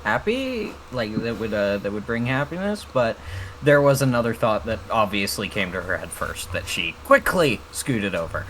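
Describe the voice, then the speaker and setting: A man's voice: on the low side, sing-song, normal speed, a bit bright, slight background noise, low-quality recording. A man chatting casually as a player in a tabletop game, explaining his character.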